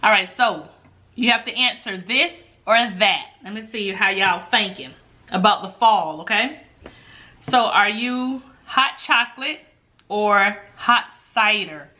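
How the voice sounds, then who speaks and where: A woman's voice: mid-range voice, measured pace, bright, forceful tone. A woman hosting a mukbang video, chatting casually with her viewers between bites and laughing often. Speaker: mukbang host. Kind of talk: casual chat while eating.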